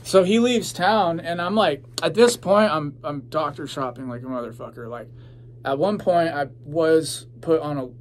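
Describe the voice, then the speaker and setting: Casual young male host, rambly and profane, voice sitting a bit high, faint hum underneath. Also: normal speed. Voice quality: rambling, laid-back, swears freely, many fillers. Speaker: podcast host and rapper. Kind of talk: casual chat.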